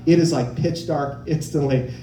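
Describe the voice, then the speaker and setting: A man in his forties performing stand-up comedy, telling stories in an animated way and acting out the voices of people he quotes. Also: a little high, normal speed, a little hiss or hum. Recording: roomy live-venue sound.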